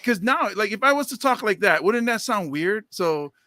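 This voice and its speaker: A man co-hosting a podcast in casual chat, animated, with quick asides and teasing jokes. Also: sits high, dry recording. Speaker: podcast co-host.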